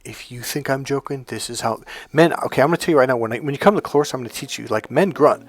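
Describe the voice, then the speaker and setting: A man's voice: on the high side, animated, quick pace, few pauses. A man talking as a dating coach, emphatic, swearing now and then and acting out the voices of people he quotes. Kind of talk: coaching talk to camera.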